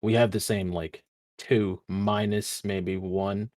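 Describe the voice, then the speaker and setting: A man's voice: fairly low pitch, flat delivery, slow pace, darkish tone, dry recording. A young man co-hosting a casual podcast, telling stories in heavy slang and laughing often. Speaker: podcast co-host. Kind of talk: casual chat.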